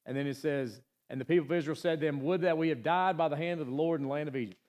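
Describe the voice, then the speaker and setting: A man's voice: on the high side, rapid-fire, darkish tone. A man giving a casual, conversational sermon in a church as its pastor, chatting along and often asking the congregation questions. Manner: chatty, asks the congregation questions, many fillers. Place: church sanctuary.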